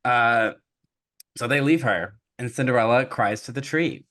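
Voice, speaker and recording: A man's voice: medium pitch, lively intonation, moderate pace, a bit bright. A man hosting a podcast, casually retelling a fairy tale with jokes and lots of fillers. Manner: jokey, casual, many fillers. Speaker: podcast host.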